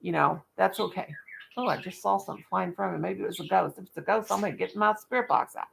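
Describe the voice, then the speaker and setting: A woman's voice: mid-range voice, fast, vocal fry, slight background noise. An older woman, chatting bluntly and rambling in folksy talk while crocheting on a livestream. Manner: blunt, rambling, folksy, talks to chat and her birds. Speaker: livestream vlogger. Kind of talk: casual chat while crocheting.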